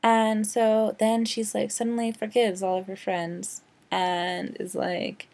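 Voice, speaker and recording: A woman's voice: medium pitch, completely flat delivery, slow pace, creaky, hardly any pauses, darkish tone. A young woman vlogging a casual, rambling movie rant, sarcastic and full of "like". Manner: sarcastic, rambling, heavy use of "like".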